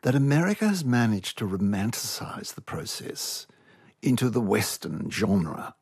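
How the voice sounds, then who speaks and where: A man's voice: on the low side, very animated, unhurried, a little mellow, breathy edge, no room sound, studio quality. A man with an Australian accent hosting an interview, speaking in an engaged, emphatic way. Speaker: interviewer host. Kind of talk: conversational interview.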